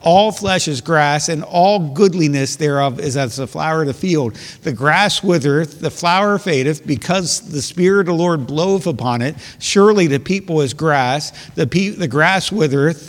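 A pastor delivering an earnest sermon, his voice sitting a little high for a man. He reads verses and poses rhetorical questions to the congregation. The sound carries a long reverb tail, as in a large church hall. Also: moderate pace. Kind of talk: sermon with scripture reading.

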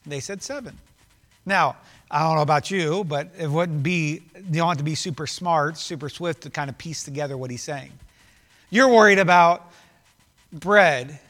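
High-voiced preacher in a reverberant hall. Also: male voice, fairly bright tone. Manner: earnest, repetitive preaching cadence that swells and drops. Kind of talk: sermon.

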